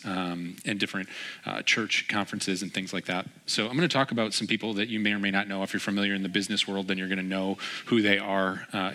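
A man's voice: on the low side, pushed and bright. A man preaching a conversational sermon as a pastor, telling a story in a chatty way with frequent fillers.

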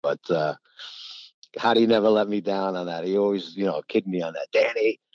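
A middle-aged former college basketball player rambles through anecdotes in a casual chat, laughing a lot and acting out quotes. His low, darkish voice runs a little fast on a dull, dry lo-fi recording with no echo.

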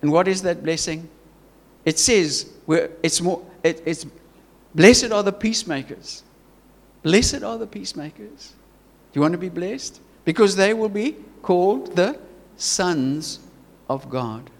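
High-voiced South African preacher. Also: male voice, animated, measured pace, gravelly, big-room sound. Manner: earnest, emphatic, stumbling restarts and repetition. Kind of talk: sermon.

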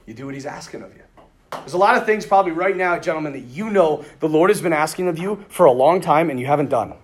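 A priest speaking to a group of men, telling lively stories with quoted dialogue and frequent laughter. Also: male voice, on the high side, quick pace. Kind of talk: storytelling talk to a men's retreat.

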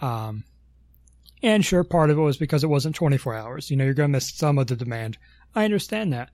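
A man's voice: medium pitch, lively intonation, a little fast, darkish tone, no room sound. A man co-hosting a casual podcast, rambling through long explanations with lots of ums and self-corrections. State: has the hiccups. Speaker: podcast co-host.

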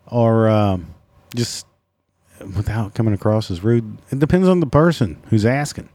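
A man's voice: lowish voice, unhurried, darkish tone, no echo. Profane sarcastic man hosting a podcast. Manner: profane, sarcastic, self-mocking. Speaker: podcast host. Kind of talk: casual solo podcast rant.

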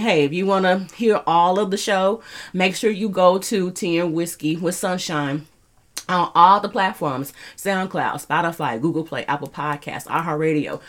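A woman, hosting her podcast in a casual, animated chat, with frequent laughs and exclamations. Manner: animated and exclamatory, laughs often, swoops up in pitch. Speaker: podcast host.

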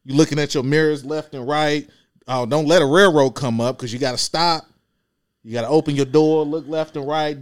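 A man who drives a school bus, chatting casually on a podcast and acting out scenes with quick voiced asides. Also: on the high side, steady tone, no echo. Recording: dry close mic.

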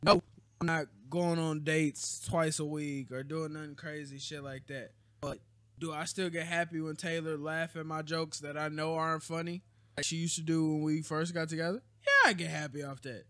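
Animated man hosting a podcast. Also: fairly high pitch, moderate pace, dry recording. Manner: animated, opinionated, teasing banter with slang. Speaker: podcast host. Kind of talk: casual chat.

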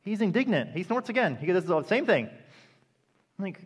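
A man preaching a sermon with impassioned delivery that rises to loud, emphatic peaks. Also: high-pitched, very animated, moderate pace, breathy edge. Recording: long reverb of a hall.

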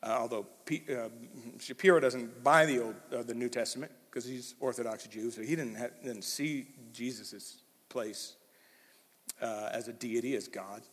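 Man, pastor, sermon, emphatic, conversational, middle pitch, long hall reverb. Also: normal speed. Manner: animated, emphatic, swings from loud to hushed; conversational, with fillers. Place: church hall.

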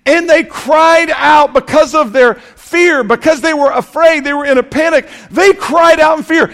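Male preacher, very high voice, swings between hushed drawn-out phrases and loud repeated declarations in a reverberant hall. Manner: emphatic, repetitive preaching with sudden loud bursts and slow drawn-out phrases. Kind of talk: sermon. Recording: long reverb of a large hall.

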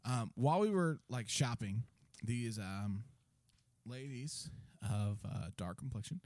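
A young man telling a story in casual chat, profane and animated, mimicking the voices of the people in it. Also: mid-range voice, slow, no echo.

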